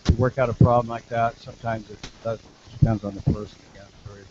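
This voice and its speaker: A man's voice: medium pitch, flat delivery, fast talker, muffled recording, noisy background. A man working as a vocal coach, explaining technique and demonstrating with short sung lines, repeating words as he goes. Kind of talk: teaching demonstration.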